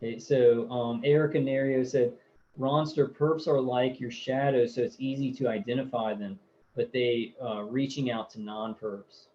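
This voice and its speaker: A man hosting a casual livestream, reading viewer comments aloud between loose, hesitant asides. He talks at an ordinary middle pitch with frequent ums and restarts. The audio is muffled and lo-fi, with a faint hiss underneath. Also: fairly even intonation, moderate pace, mellow. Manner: rambling, hesitant, many fillers.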